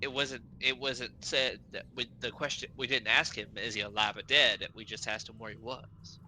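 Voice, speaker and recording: Dude at a tabletop game, really bright sharp voice, thinks out loud and restarts a lot, faint hiss. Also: male voice, mid-range voice, steady tone, moderate pace, poor audio. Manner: thinking aloud, restarting sentences. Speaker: player. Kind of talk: casual tabletop game chat.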